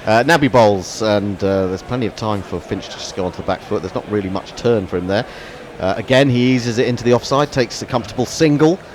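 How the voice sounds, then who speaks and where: A man's voice: on the low side, quick pace, hardly any pauses, slight background noise. A man commenting ball by ball on a cricket match, with wry, chatty banter between deliveries.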